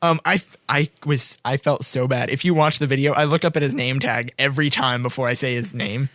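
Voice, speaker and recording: A man's voice: mid-range voice, a little fast, no echo, clean studio sound. A man co-hosting a casual podcast chat, eagerly retelling his experiences and laughing often. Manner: laughs often, excited recounting. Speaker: podcast co-host.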